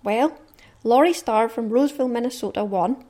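A Scottish woman hosts a podcast in a chatty, cheerful manner. Her voice sits a little high, and she sounds upbeat and enthusiastic. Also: normal speed, dark tone. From Scotland. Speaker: podcast host. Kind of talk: casual podcast chat.

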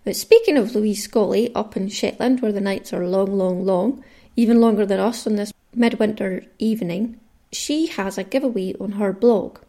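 A woman's voice: mid-range voice, normal speed, warm tone. A woman from Caithness in the far north of Scotland with a Caithness accent, hosting her own podcast in a casual, chatty way and reading out lists of listener names. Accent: Scottish, Caithness. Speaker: podcast host. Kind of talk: casual solo podcast chat.

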